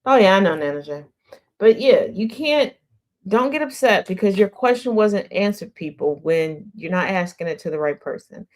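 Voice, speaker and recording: A woman with a mid-range, animated voice speaks at normal speed while hosting an internet radio show. In this casual livestream chat she talks straight to her audience, teasing them and laughing often.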